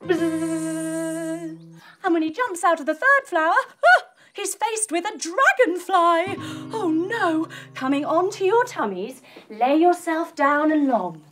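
A playful, encouraging woman tells a story while leading children through yoga poses. Her voice is high and swoops widely. She speaks at an unhurried pace. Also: animated, fairly bright tone, soft background music. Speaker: kids yoga teacher.

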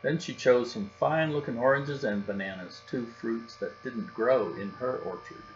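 A man narrating a children's storybook aloud in a steady, gentle way. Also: medium pitch, moderate pace. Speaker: storybook reader. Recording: dull recording with faint hum.

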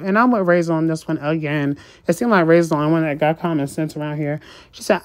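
A woman's voice: fairly low pitch, moderate pace. A woman giving a sassy, casual recap of a reality show, acting out the cast's lines in changing voices and laughing often.

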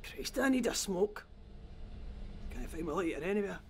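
A grumbling Scottish rig hand who swears freely and jokes with his workmates. His pitch sits mid-range, with a faint hiss of background noise. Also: very animated, normal speed. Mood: joshing. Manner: gruff, sweary, chummy. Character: grumbling oil rig worker, foul-mouthed.

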